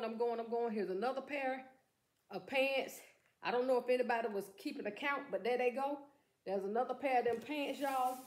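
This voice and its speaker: Excitable woman chatting in an echoey room. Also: a little high. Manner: excitable, chatty, keeps calling to viewers. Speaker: shopping haul vlogger. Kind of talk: casual haul vlog chat. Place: room at home.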